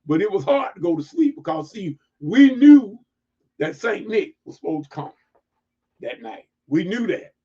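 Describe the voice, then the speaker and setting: A man preaching reflectively to an online audience, emphatic and repeating words as he builds to near-shouts. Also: a little high, very animated, normal speed, breathy edge, muffled recording. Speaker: livestream preacher.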